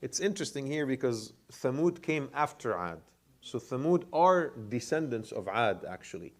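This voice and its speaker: An imam with a mid-range voice teaches a class on Quran commentary, speaking animatedly at a normal speed. He lectures while putting questions to the students and often repeats words as he goes.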